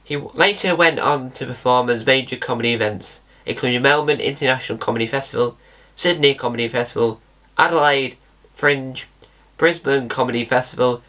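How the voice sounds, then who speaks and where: On his own channel, a British host talks casually by himself, wandering off topic, fixing his own slips and spelling out words. His voice sits in the mid-range, bright and forceful.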